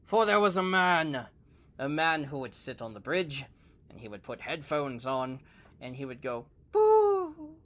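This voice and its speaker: Man narrating a kids' story, playful, giggly, slow and animated. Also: on the high side. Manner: playful, laughing often.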